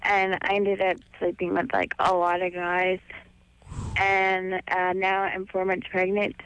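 A woman's voice: lowish voice, monotone, a little slow, fairly bright tone, clean tone, no echo. A young woman calling a radio show, hesitant and full of likes and ums as she asks her question. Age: young adult. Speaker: caller. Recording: muffled phone line.

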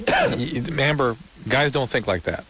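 A man's voice: mid-range voice, wildly swooping pitch, slow pace, bright, forceful tone, low-quality recording. A man co-hosting a call-in radio show, giving earnest, direct advice to callers. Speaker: radio co-host, advice giver. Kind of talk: casual call-in advice talk.

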